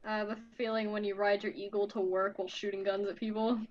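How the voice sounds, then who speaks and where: A woman's voice: medium pitch, little pitch movement, fast, dull audio. A woman guest chatting casually on a livestream, telling work stories with many "like" fillers. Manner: chatty storyteller, lots of "like" fillers. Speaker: guest artist.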